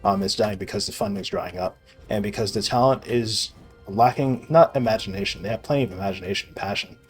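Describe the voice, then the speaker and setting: A young man casually rambling and swearing as he plays a video game, sarcastic and quick to laugh at himself. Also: on the low side, breathy edge, soft background music. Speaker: gaming video creator. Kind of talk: casual rambling commentary while playing.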